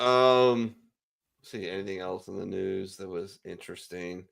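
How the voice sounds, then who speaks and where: A man's voice: sits low, measured pace, gravelly, a bit bright. A man hosting a casual online chat among veterans, blunt and profane, rambling through his opinions over a video call. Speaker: podcast host. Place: home, virtual call.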